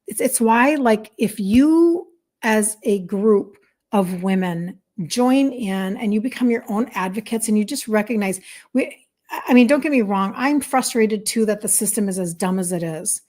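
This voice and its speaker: A woman in her fifties from Minnesota, USA, chats casually on a livestream as a health coach, reading her viewers' comments out loud with earnest apology. Her mid-range voice has lively intonation, a moderate pace, and a darkish tone.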